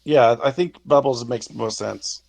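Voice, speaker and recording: A woman's voice: a bass voice, unhurried, gravelly, darkish tone, dry recording. A woman playing in a tabletop game, wry and self-deprecating. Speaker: player. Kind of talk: tabletop role-play.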